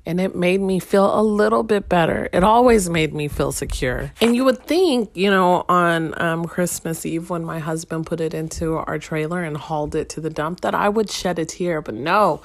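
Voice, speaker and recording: Chatty mom talking wryly about family life. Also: female voice, lowish voice, no room sound, clean studio sound. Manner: chatty, wry, talks straight to listeners. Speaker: stay-at-home mom vlogger. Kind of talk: casual storytelling monologue.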